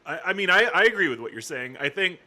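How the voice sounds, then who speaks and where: A man co-hosting a movie watch-along, agreeable and chuckling in quick back-and-forth. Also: on the high side, animated, sharp tone. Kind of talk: casual chat.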